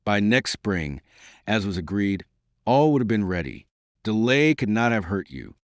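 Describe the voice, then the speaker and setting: A man voicing a calm, dignified male conspirator who speaks slowly and quietly, in an audiobook. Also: fairly low pitch, no room sound, studio quality. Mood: calm, measured.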